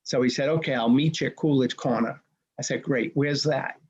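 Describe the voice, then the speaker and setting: A husky-voiced man in his sixties tells a personal story with punchy timing and acted-out dialogue. The sound is a little dull and lo-fi, like a streamed show. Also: mid-range voice, moderate pace. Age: 60s. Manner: punchy, animated retelling with quoted dialogue. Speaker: race director, guest.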